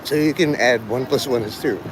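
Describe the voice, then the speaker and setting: A man's voice: medium pitch, fairly quick, a little hiss or hum, rough recording. A man vlogging outdoors in a city street, rambling with sardonic asides. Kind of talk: rambling live street vlog.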